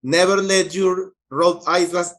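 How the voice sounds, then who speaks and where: A man with a Venezuelan accent interpreting and co-hosting an interview, quick and laughing. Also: high-pitched, steady tone, fairly bright tone. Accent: Venezuelan Spanish. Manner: switches between English and Spanish, quick, laughs. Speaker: interpreter and co-host. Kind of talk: casual interview chat.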